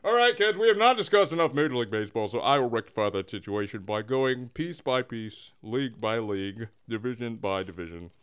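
A man hosting a comedy sports podcast with a smooth, resonant voice. He swings his pitch up and down a lot as he delivers jokes in a playful, mock-serious way. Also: expressive, a little fast, few pauses, fairly bright tone. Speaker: podcast co-host.

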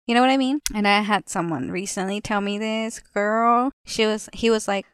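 Twenties woman, solo podcast host; chatty profane venting, gravelly fry, dry close mic. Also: mid-range voice, a little slow, no room sound. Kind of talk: casual solo podcast chat. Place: apartment living room.

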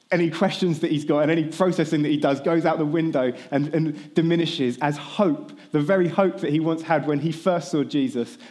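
A pastor preaching a Sunday sermon, his voice sitting a little high for a man. He tells the story in an easy, conversational way, like talking to friends. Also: a little mellow.

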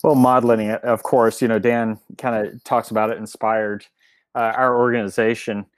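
A man's voice: on the low side, little pitch movement, normal speed, dry recording. A man telling a story in a casual interview, rambling with many restarts and fillers. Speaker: guest, family member of a restaurant chain.

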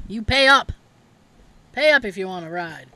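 A woman's voice: mid-range voice, animated, moderate pace, sharp tone. Chatty, laughing woman telling stories. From Massachusetts. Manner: chatty storyteller who acts out quotes and laughs often. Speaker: podcast co-host. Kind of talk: casual chat.

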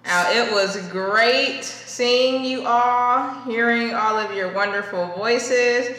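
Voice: medium pitch, slow pace, pushed and bright. A podcast co-host chatting casually and playfully. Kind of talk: casual chat. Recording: very echoey room.

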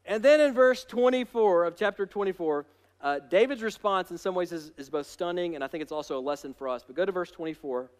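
A male pastor preaching a sermon in an energetic, emphatic way, with self-deprecating humor. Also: sits high, fairly quick, clear, resonant tone.

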